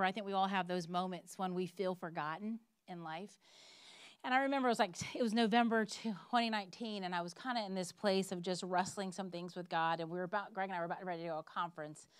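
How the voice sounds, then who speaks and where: A woman's voice: medium pitch, no room sound. A woman preaching a sermon in an earnest, emphatic way, reading scripture and telling personal stories.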